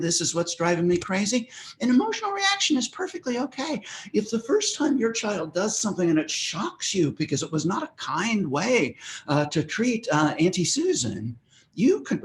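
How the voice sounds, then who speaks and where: An older man giving a conversational, easygoing parenting talk in an online meeting, with friendly asides as he teaches. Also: sits high. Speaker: parenting workshop presenter. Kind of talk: webinar talk. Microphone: web meeting microphone.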